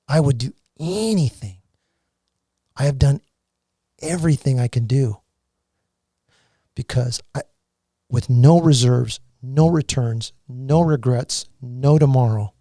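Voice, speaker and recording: A man giving an emotional personal testimony as a podcast guest, earnest and halting, with many restarts. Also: mid-range voice, warm tone, dry recording, clean studio sound.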